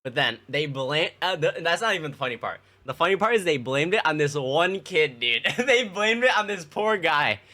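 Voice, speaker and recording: Pitched a little high, this young man's voice is animated, bright and forceful, moving at normal speed with hardly any pauses. He's telling his stream chat rambling childhood stories, cursing and padding them with plenty of fillers.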